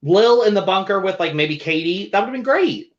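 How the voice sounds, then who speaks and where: Chatty lively-voiced male co-host. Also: sits high, a little fast. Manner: chatty, animated recapping with playful asides. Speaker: podcast co-host. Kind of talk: casual chat. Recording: dull lo-fi audio.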